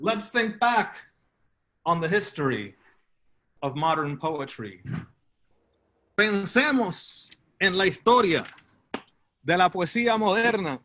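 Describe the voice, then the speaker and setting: A man reading a poem he is improvising, switching languages line by line to translate himself, in halting, drawn-out phrases. He walks around his house and speaks into a phone. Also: sits high, expressive, sharp tone. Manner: switches back and forth between two languages line by line, self-translating. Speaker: poet. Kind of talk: improvised bilingual poetry reading. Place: at home, walking around the house.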